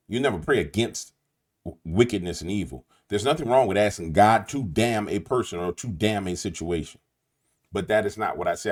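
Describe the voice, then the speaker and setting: In a lowish voice with lively intonation, a New Orleans-accented man from Louisiana speaks fairly quickly. He hosts a late-night YouTube commentary monologue, addressing viewers directly in an emphatic, preaching manner.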